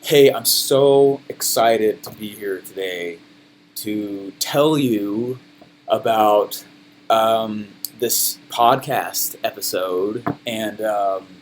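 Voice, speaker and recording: A man puts on a listless podcaster whose delivery sags. The voice drops low and drags slowly, mumbling with no lift at all. Faint noise sits behind it. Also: low-quality recording. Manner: slow, flat, mumbling, trailing off. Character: dull low-energy young male podcaster, limp and bored.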